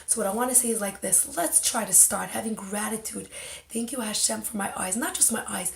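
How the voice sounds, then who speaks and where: A woman's voice: a little high, lively intonation, brisk, creaky, reverberant. A woman podcast host telling a frightening personal story with intense emotion and then giving an inspirational talk. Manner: emotional, intense retelling with dramatic voicing.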